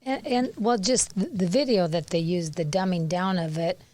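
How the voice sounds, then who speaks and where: A woman's voice: lowish voice, moderate pace, darkish tone. A woman co-host in a casual podcast discussion, speaking bluntly and emphatically.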